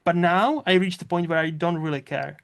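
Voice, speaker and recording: A man's voice: on the high side, fairly quick, gravelly, a bit bright. A man hosting a casual movie podcast, talking in a loose, rambling way with lots of fillers and frequent swearing. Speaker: podcast host.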